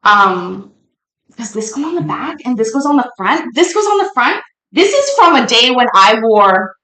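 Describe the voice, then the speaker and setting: A woman vlogging from home as she unboxes fan mail, gushing and quick to laugh. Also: fairly high pitch, big pitch swings, pushed and bright. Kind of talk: casual unboxing chat.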